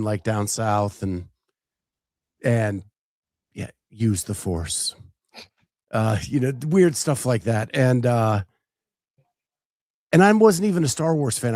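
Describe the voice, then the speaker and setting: A man's voice: mid-range voice, darkish tone, no room sound, clean studio sound. A man hosting a casual talk show, chatting loosely with plenty of fillers and restarts. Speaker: podcast host. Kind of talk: casual chat.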